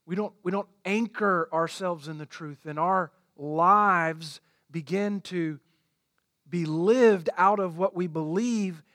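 A man preaches from the pulpit, pressing each point home by saying it again. His voice sits high for a man, and the sound is close and completely dry. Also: takes it slowly, a bit bright, dry recording. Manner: emphatic, repeats points for stress. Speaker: pastor. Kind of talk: sermon.

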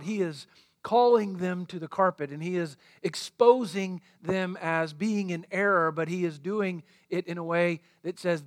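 A man's voice: high voice, moderate pace, dry recording, clean studio sound. A male pastor preaching a sermon, repeating his points for emphasis.

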